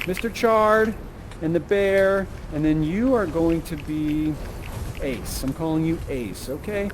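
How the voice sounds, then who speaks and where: A man with a high, bright voice leads an audience through an interactive theatre show in virtual reality. He is chatty and animated, tagging his sentences with quick okays and rights. He speaks into a headset mic. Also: a little hiss or hum. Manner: chatty, animated, tags lines with okay and right.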